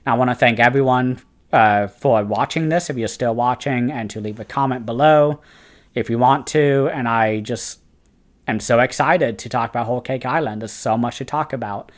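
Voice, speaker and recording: A man's voice: mid-range voice, normal speed. Eager, chatty man reviewing manga. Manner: eager and chatty, frequent "uh" fillers and restarts. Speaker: host of a fantasy book and manga review channel. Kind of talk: casual spoken review.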